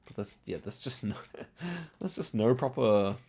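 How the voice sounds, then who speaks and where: A man's voice: medium pitch, animated, unhurried, darkish tone, slightly rough. A man giving casual gameplay commentary, thinking aloud and explaining his clues with frequent hedges and restarts. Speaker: game commentator.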